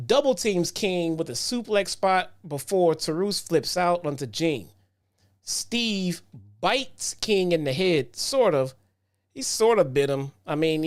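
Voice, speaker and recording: A man with a slightly high voice talks through wrestling matches in a loose, unhurried recap. He circles back on his own phrases and leans on casual fillers. The tone stays easygoing and chatty. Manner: laid-back, frequent "um" and "man", repeats himself. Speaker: wrestling show reviewer.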